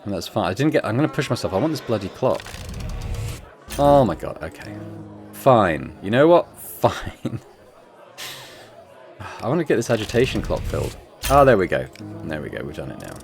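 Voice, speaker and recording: Solo tabletop player and narrator, man, lower voice, very lively ups and downs, faint music behind. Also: moderate pace, gravelly, long pauses. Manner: expressive, groans and swears at dice rolls. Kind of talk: playing a tabletop game on camera.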